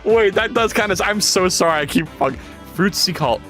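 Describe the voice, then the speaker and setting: A man streams live while he codes, joking and rambling as he answers his chat. His voice sits a little high and jumps around a lot. Soft music plays quietly behind him. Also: normal speed. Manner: animated, jokey, reads chat aloud and rambles. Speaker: livestreamer. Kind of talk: casual livestream chat while coding.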